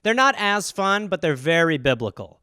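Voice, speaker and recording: Man, comedy podcast host, high bright voice, smooth and crisp, rambling profane riffs, dry close sound. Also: big pitch swings, no echo. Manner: rambling, profane, jokey, slips into quick silly voices. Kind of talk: solo comedic riffing on listener topics.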